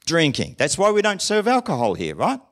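A New man preaching in a chatty, conversational sermon. His pitch leaps up and down in a very animated way, and he keeps asking the congregation questions. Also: brisk. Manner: acts out short dialogues in different voices. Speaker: pastor.

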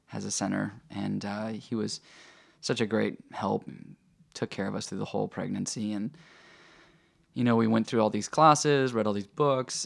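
A man as a guest telling a personal story in a casual, animated way, full of fillers and acted-out quotes. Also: lowish voice, creaky. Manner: animated, acts out quoted voices, filler-heavy.

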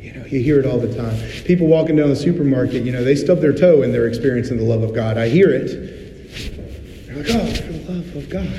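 A man preaching a sermon as pastor, talking candidly and conversationally, acting out quick little voices as he goes. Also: medium pitch, dark tone, slight background noise. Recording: roomy hall reverb, faint ambience.

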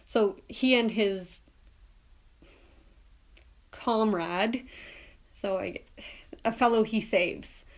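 Woman podcast host, casual solo chat, easy laugh, middle pitch. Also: a little mellow. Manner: chatty, laughs often while retelling scenes.

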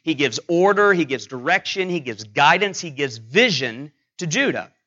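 A middle-aged man preaching a sermon, telling a personal story with many halting fillers and restarts. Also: a little high, very animated, pushed and bright, muffled recording. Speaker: pastor.

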